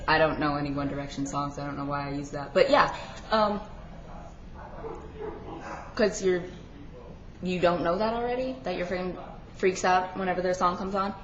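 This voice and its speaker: A woman's voice: on the low side, steady tone, normal speed, pauses often. A teenage girl chatting casually in a home vlog, sarcastic and rambling, with lots of filler words. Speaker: vlogger. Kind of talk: casual pet peeves vlog. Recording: echoey room, dull lo-fi sound.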